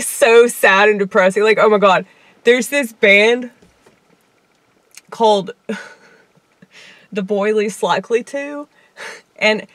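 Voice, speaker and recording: A woman's voice: medium pitch, a bit bright, no room sound. A woman with a Southern US accent, a comedian rambling in a casual monologue with lots of fillers and chuckles. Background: faint piano keyboard playing.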